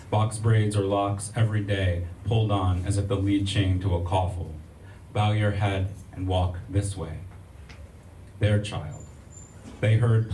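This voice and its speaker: An American man giving a poetry reading at a library event, reciting in a measured, rhythmic way with casual asides to the audience. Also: sits low, a little mellow. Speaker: poet. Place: public library event room. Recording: echoey room, distant mic, faint ambient noise.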